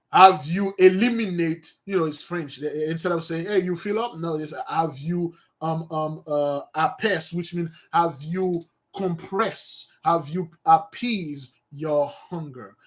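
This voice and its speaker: Slow, high-voiced man thinking aloud. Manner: rambling, thinks aloud, self-correcting. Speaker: study host. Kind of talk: informal study session, reading and explaining a text.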